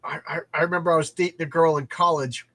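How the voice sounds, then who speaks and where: A chatty man from New York hosting a livestream, talking in a loose, rambling way and tripping over his words. His voice sits a bit higher than most men's, and the sound is close and dry with no room around it. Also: fairly even intonation, fast, a bit bright, no room sound. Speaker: livestream host. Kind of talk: casual livestream chat.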